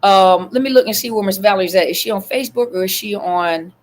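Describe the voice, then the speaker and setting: A woman hosting a casual livestream from her phone, chatting with viewers, greeting them by name and filling pauses with lots of ums. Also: medium pitch. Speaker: livestream host.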